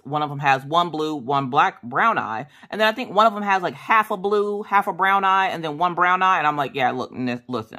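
A middle-aged woman telling a personal story in a casual, animated way, acting out what people said. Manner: chatty, animated, acts out quotes in a high voice. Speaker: crafting vlogger.

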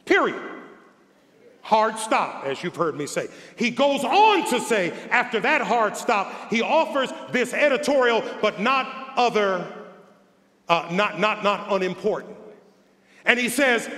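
A man preaching as a bishop, his high voice sitting well above most men's. He takes his time, stretching phrases out and repeating lines for weight. The sound rings with the long tail of a large hall. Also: very animated. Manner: builds from quiet drawn-out phrases to shouted, rising preaching; repeats phrases for emphasis, folksy asides. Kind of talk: sermon.

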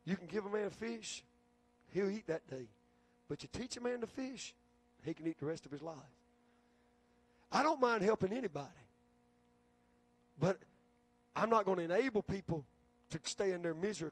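A male pastor preaching a sermon in a folksy storytelling way, often repeating words as he restarts a phrase. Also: high-pitched.

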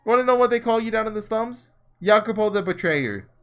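A man's voice: on the high side, big pitch swings, brisk, fairly bright tone. A man voicing a scornful young man from the slums, speaking in a slangy, mocking drawl.

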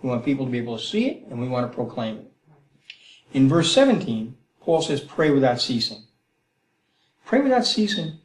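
A middle-aged man teaching the Bible in a conversational way, animated and acting out prayers, often checking in with "Okay?" and "Right?". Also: on the high side. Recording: roomy echo.

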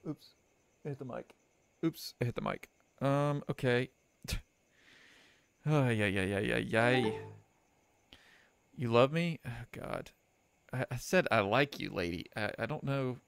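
Sarcastic gravelly-voiced gaming guy. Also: medium pitch, lively intonation, unhurried, long pauses, no echo. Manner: joking, sarcastic, laughs often. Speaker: gaming let's player. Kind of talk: let's play commentary, reading game text aloud. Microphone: desk microphone.

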